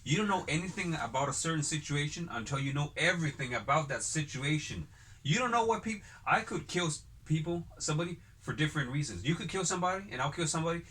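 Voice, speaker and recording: A man's voice: a little high, expressive, fast talker, a bit bright. A man hosting a casual podcast chat, telling long rambling stories full of cursing. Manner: rambling profane storyteller.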